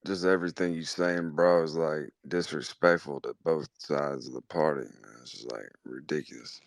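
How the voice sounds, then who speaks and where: A man from Detroit calling in to a talk show, speaking in a mumbling, halting way. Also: rumbling low, steady tone, vocal fry, no room sound. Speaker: caller.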